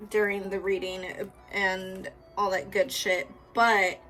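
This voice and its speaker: A young woman doing a casual tarot reading, swinging from hushed prayers to loud, laughing, swearing outbursts. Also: mid-range voice, little pitch movement, slow pace, faint music behind. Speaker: tarot reader.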